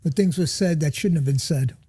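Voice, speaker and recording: A man's voice: a little high, fairly quick, dark tone, husky, no room sound. A man from New Jersey co-hosting a casual podcast, joking and teasing the others. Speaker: podcast co-host. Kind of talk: casual chat.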